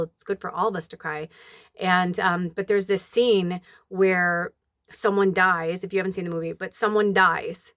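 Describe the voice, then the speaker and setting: A chatty woman giving a spiritual reading, talking loosely with lots of fillers and now and then jumping into a high voice to act out lines. Her voice sits at an ordinary middle pitch. The sound is close and dry. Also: a bit bright, no room sound. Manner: rambling, filler-heavy, acts out movie quotes in a high voice. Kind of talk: casual spoken reading.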